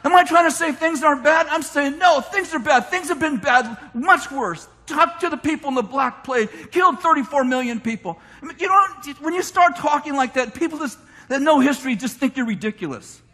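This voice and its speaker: A man preaching a lively sermon, shouting his points and mimicking complainers in mock voices. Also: very high voice, brisk, few pauses. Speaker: pastor. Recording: long hall reverb from a church.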